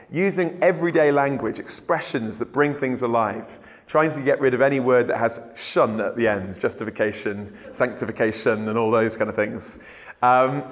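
Man teaching in a reverberant hall. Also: mid-range voice. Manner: relaxed, unhurried, filler-laden. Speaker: evangelism trainer. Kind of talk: conversational training talk.

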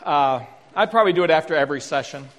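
A man's voice: on the high side, lively intonation, fast talker, fairly bright tone, slight background noise. A middle-aged man presenting a workshop, telling stories in a self-deprecating way, with frequent restarts. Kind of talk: storytelling conference talk. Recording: reverberant lecture hall.

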